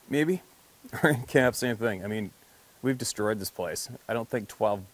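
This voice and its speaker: A man who works as a hunting and fishing guide tells a hunting story casually, swearing freely and laughing as he goes. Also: fairly low pitch.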